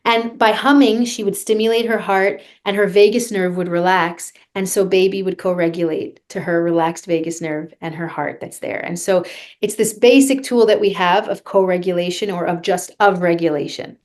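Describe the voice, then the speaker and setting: A woman's voice: fairly low pitch, steady tone, moderate pace, a little mellow. A woman vocal coach being interviewed on a podcast, talking earnestly and guiding listeners through a breathing exercise.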